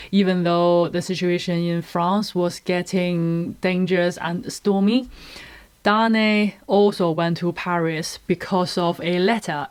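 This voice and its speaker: A woman's voice: fairly low pitch, clean tone. A woman discussing a classic novel in a casual, thoughtful and explanatory way, adding careful disclaimers. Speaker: book reviewer.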